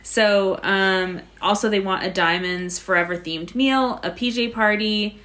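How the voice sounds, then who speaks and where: A woman's voice: mid-range voice, steady tone, unhurried, fairly bright tone. A woman co-hosting a podcast, casually recapping an episode and filling her talk with "like" and "so". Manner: chatty, narrating events with frequent "like" and "so". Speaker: podcast co-host.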